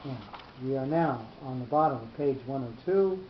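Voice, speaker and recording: A man teaching a cantillation class, explaining slowly with long pauses. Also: medium pitch, lively intonation, slight background noise. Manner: patient, explanatory, drawn-out pauses. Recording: echoey room, muffled lo-fi sound.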